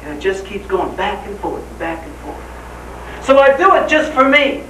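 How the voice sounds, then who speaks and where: A man's voice: sits high, big pitch swings, normal speed, noisy background. A man giving a live motivational seminar speech, enthusiastic and firing rhetorical questions at the crowd. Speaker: motivational speaker. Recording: echoey hall, voice from far off.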